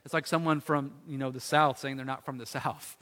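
A man's voice: mid-range voice, fairly even intonation, brisk, a bit bright. Conversational preacher man, echoing hall. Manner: conversational, lots of "like" and rhetorical questions. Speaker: pastor. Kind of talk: sermon.

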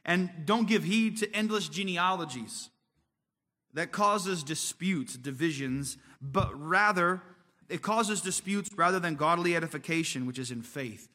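A man's voice: high-pitched, a little slow, sharp tone, in a large hall. A man from Indiana preaching a sermon as pastor, telling stories in a casual, conversational way. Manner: conversational, storytelling.

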